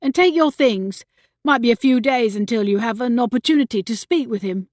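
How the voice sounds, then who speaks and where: A woman's voice: a little high, expressive, brisk, no echo, natural voice. A woman narrator voicing a bitter, agitated young man who raises his voice and insists on getting his way. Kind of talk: audiobook character voice.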